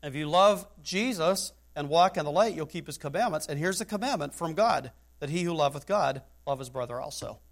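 A male pastor delivers a fervent sermon. His voice sits a little higher than most men's, and he swings between quiet, low asides and raised, pressing exhortation. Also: lively intonation, brisk, hardly any pauses.

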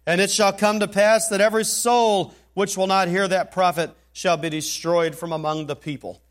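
A man's voice: high-pitched, flat delivery, moderate pace. A man preaching an expository sermon, reading scripture aloud and building to emphatic, rising declarations.

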